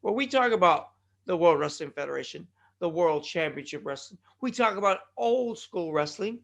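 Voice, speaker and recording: A man's voice: high-pitched, expressive, normal speed, vocal fry, a bit bright, highs cut off. A man hosting a wrestling podcast alone, rambling and joking at his own expense, often stumbling over his words and restarting. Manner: joking, self-deprecating, rambling with tongue-tied restarts. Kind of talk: rambling solo podcast monologue. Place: California.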